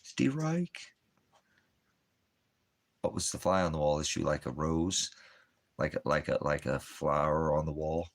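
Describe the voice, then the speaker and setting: At home with a dog and a fire, a man with a bass voice hosts a ministry stream, rambling through a casual monologue packed with puns and rhyming wordplay. His tone is level and his speed normal.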